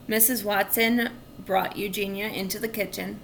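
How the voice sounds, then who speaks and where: A woman reading a children's chapter book aloud in an expressive, clear storytelling manner. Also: fairly high pitch, a little slow, a little hiss or hum. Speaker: reader.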